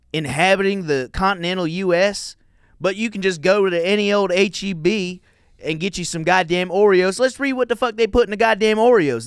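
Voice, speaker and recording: A loud, indignant Southern man in full rant, as a man puts him on with a put-on Southern drawl. He shouts in a voice pitched well above his own. The sound is dry and close. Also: clean tone, dry recording, natural voice.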